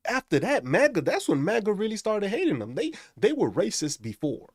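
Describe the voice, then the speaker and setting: A man ranting in a casual live stream, swearing often and talking in an animated way. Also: high voice, a little fast, slightly rough, dry recording, studio quality.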